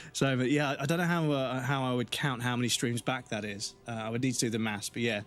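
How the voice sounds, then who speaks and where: A man streaming live, chatting casually and rambling, swearing freely, his throat slightly rough and dry. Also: medium pitch, fairly even intonation, quick pace, hardly any pauses, a bit bright, faint music behind.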